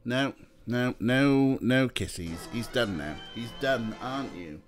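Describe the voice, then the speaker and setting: A man chatting casually on a livestream, often cooing at his cats in a high sing-song voice. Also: moderate pace. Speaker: streamer.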